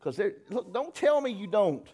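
A man preaches a sermon in a folksy, teasing way. His voice sits high for a man, and he jumps into little acted-out voices. He talks straight to his listeners. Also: very animated, moderate pace, a little mellow. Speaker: pastor.

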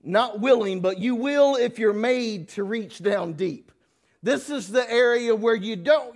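A man's voice: very high-pitched, unhurried. A man preaching a sermon, folksy and teasing, acting out little voices as he goes. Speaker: pastor.

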